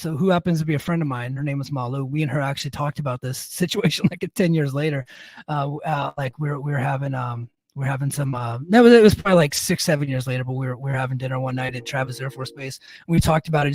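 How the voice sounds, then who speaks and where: A man's voice: on the high side, no room sound. Profane, rambling middle-aged man. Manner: profane, rambling, self-mocking. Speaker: podcast co-host. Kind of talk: casual storytelling.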